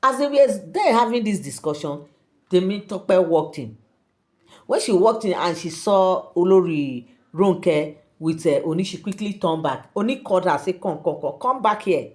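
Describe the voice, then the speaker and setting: Animated Nigerian woman telling gossip. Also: lowish voice, normal speed. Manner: animated, addresses viewers directly. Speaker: channel host. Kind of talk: gossip storytelling.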